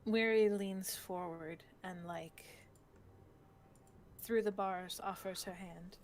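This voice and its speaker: A woman playing a tabletop game, describing her character's actions in an unhurried, thoughtful way. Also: medium pitch, fairly even intonation. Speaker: player. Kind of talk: casual play narration.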